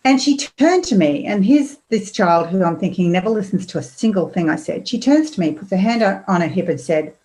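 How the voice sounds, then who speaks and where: A middle-aged woman, a podcast guest telling personal stories in a lively way, acting out what people said. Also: mid-range voice, brisk, hardly any pauses, poor audio. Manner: animated, acts out quotes with laughs. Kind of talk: casual storytelling interview.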